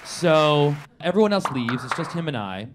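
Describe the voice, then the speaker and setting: A man's voice: a little high, normal speed, crowd noise, noisy background. A man telling a comedic true story to a live audience, acting out the quoted voices. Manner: animated, acts out quotes in big voices.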